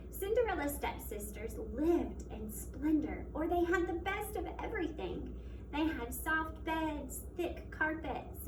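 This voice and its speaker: A woman teacher reading a children's storybook aloud in an expressive, measured way. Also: high-pitched. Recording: echoey room, mic at a distance, faint background noise.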